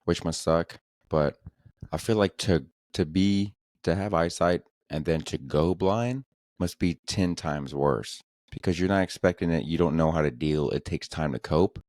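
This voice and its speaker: A man's voice: deep voice, a little slow, a little mellow, no echo, clean studio sound. A man hosting a solo podcast, rambling casually with profane jokes. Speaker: podcast host.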